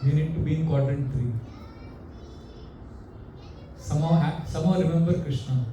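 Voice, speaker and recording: A man preaches in an animated way, asking his listeners questions as he goes. His voice is fairly high for a man yet mellow in tone. The recording is roomy and distant, with a faint background hum. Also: moderate pace. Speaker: monk preacher. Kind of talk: sermon with storytelling. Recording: echoey room, mic far off.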